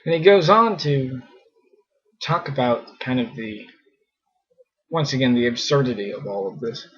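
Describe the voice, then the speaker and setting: Husky man giving casual scripture commentary. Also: medium pitch, measured pace. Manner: conversational, many fillers, mockingly exasperated. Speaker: scripture teacher. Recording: muffled lo-fi recording.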